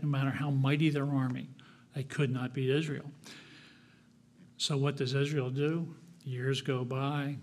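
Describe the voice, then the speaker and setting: A man speaking from the pulpit of a church, telling his own story. He talks in a plain, conversational way, pausing often with small fillers. His voice sits at an ordinary middle pitch. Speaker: guest speaker. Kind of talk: personal testimony sermon.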